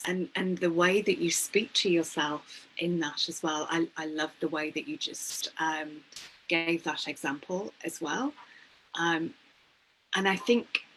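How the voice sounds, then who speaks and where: A woman hosting a spiritual conversation, soft and affirming, reflecting thoughtfully on what her guest says. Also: low-pitched, unhurried, slight background noise, poor audio. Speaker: host.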